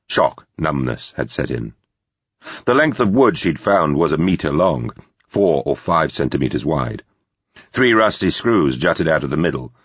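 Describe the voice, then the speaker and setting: A man narrating a thriller audiobook in a measured, grave way. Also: very deep voice, a bit bright, slightly rough, dry recording. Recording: dull, slightly lo-fi recording.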